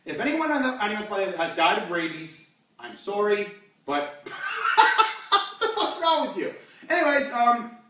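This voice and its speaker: A man's voice: high voice, big pitch swings, moderate pace, noisy background. A man hosting his own amateur stand-up show at home, rambling and crude, with lots of fillers. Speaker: host. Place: home living room. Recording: echoey room from far off.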